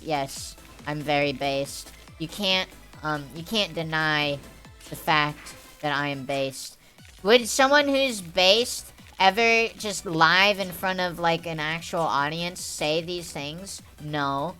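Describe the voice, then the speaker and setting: A woman's voice: lowish voice, slow, sharp tone, soft background music. A young woman streamer chatting live to her viewers in a heated, profane, rambling way, full of fillers. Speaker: game streamer.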